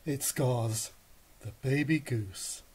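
Slow, husky man reading a picture book. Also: medium pitch. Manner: slow, animated storytelling. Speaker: reader.

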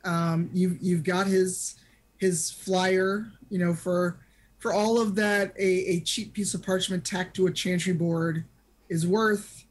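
A woman narrating an online tabletop game as game master, chatty and halting with lots of fillers. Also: fairly low pitch, steady tone. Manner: chatty, hesitant with many fillers.

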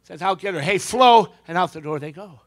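A man's voice: sits high, expressive, fairly quick, a bit bright. A man performing stand-up comedy and magic on stage, telling jokes with punchy timing and brief character voices.

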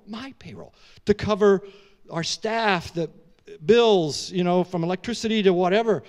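High-voiced male preacher telling stories. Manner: animated and emotional, with casual asides. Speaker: pastor. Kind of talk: storytelling sermon.

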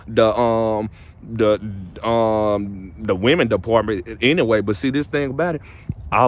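A man's voice: on the low side, a little hiss or hum. A young man, giving casual motivational relationship advice to camera in a preachy, repetitive way that climbs to emphatic peaks. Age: young adult.

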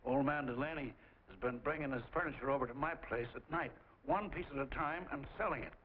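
Older man, sheepish neighbor played by an actor, middle pitch, tinny vintage film audio. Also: fairly quick, natural voice. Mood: earnest. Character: cranky but kindly old male neighbor, hard of hearing. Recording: tinny 1940s film soundtrack, faint hiss.

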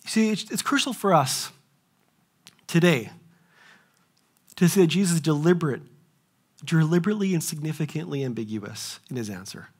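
A young man preaching from the pulpit, his voice sitting a touch high for a man. He keeps it animated, firing off rhetorical questions and slipping into the voices of the people he quotes. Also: normal speed, pauses often, slightly rough. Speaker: pastor. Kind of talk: sermon.

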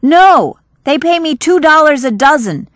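Lady voicing a worked-up teen girl, higher and louder, slow dry reading. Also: lively intonation, no room sound. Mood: hurt. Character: earnest, indignant teenage girl.

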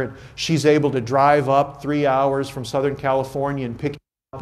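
A man, a priest, giving a homily at a confirmation Mass and telling stories in an earnest, conversational way. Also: a little high.

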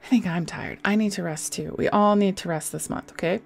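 A woman giving a casual tarot reading into a desk microphone, soft and reassuring, with sighs and small laughs. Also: lowish voice, brisk, gravelly, faint music behind. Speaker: tarot reader.

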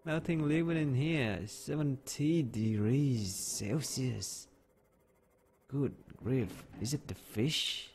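Slow-talking gravelly man streaming a game. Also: mid-range voice, a little mellow. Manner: talks to himself, exclaims and jokes, broken English. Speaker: gameplay streamer. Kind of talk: live game commentary. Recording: faint keyboard typing in background.

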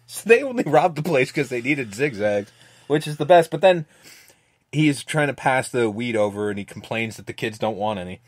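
A man hosting a podcast, casually recapping a movie with lots of swearing and quick acted-out lines. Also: medium pitch, big pitch swings, dry recording, clean studio sound. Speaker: podcast host.

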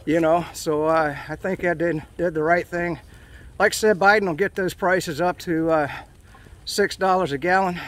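Hot and sweaty on a walk through a park, a middle-aged man vlogs casually in a high, somewhat bright voice. He talks with strong emotion, ranting in meandering spurts and leaning heavily on filler words.

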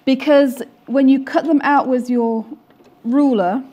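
A woman's voice: sits high, fairly even intonation, a little slow, dark tone, highs cut off. Chatty woman demonstrating quilting. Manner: chatty, self-deprecating, explains while sewing. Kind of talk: casual demonstration chat.

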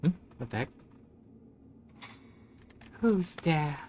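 A woman's voice: low voice, big pitch swings, very slow, darkish tone, a little hiss or hum. A woman streaming a horror game, reacting with nervous exclamations and muttered curses. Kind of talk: casual gameplay commentary.

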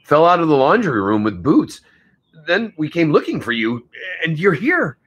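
A man's voice: fairly high pitch, wildly swooping pitch, moderate pace, a bit bright, breathy edge, voice pushed up, full character voice. A man voicing a worried young teenage boy hero while reading a novel aloud.

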